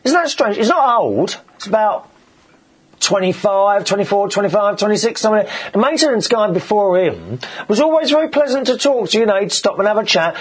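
A man hosting a show, telling gossipy stories in a casual, animated monologue. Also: high-pitched, a little fast, husky. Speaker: show host.

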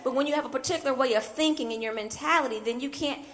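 A woman's voice: high voice, rapid-fire, a bit bright. A woman minister preaching a sermon as a personal story, talking animatedly and often breaking in with "I mean" asides. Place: church.

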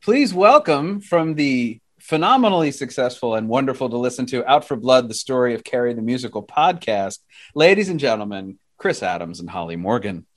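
A man co-hosting a podcast, telling stories in an animated way and laughing often. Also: mid-range voice, fairly quick. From United States. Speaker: podcast co-host. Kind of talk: casual chat.

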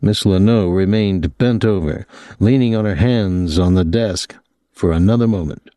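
A man reading an audiobook novel in steady, measured scripted narration. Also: low voice, no room sound, studio quality.

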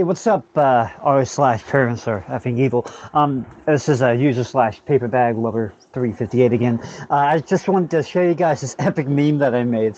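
A man's voice: medium pitch, darkish tone, a little hiss or hum. A young man performing a comedy sketch monologue as a forum user, mock-earnest and rambling with lots of fillers. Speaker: comedian playing forum users. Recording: slightly dull, dry recording.

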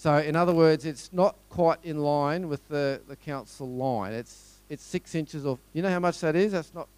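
Australian man, middle-aged, storytelling speaker, rhetorical questions, smooth clear voice, dry close sound. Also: on the high side, moderate pace, darkish tone, dry recording. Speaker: motivational speaker. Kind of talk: storytelling talk to a live audience.

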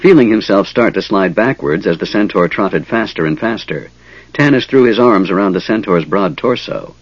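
A man narrating a fantasy audiobook in a measured, expressive way, on a dull, dry recording. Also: lowish voice, breathy edge, dry recording.

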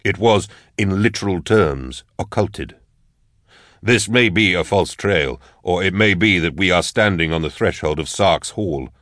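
A man voicing a stern older male inquisitor who speaks slowly and deliberately. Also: sits low, expressive, a bit bright, no echo, studio quality. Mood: grave. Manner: slow, deliberate, grave.

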